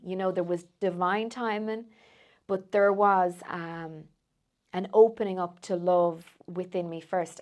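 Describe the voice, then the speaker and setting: A woman, a coach, telling personal stories in a casual podcast chat, animated and quick to laugh. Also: mid-range voice. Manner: animated storytelling, laughs often, frequent "like". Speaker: transformational coach, podcast guest.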